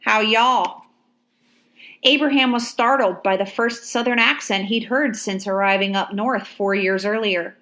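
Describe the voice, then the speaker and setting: A woman narrating an audiobook at a mid pitch, calm and measured. Her delivery is steady, with clear storytelling pacing.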